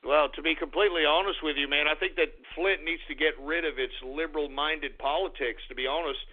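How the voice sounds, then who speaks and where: A man runs a call-in radio show, combative and quick to curse as he rants at prank callers and talks with listeners. His voice sits high for a man. The sound is thin and tinny, as if coming through a phone line. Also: fairly even intonation. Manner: combative, profane, ranting.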